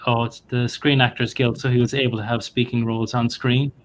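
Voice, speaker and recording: A male guest on a review stream, casually sharing trivia with hesitant pauses. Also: mid-range voice, flat delivery. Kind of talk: casual discussion.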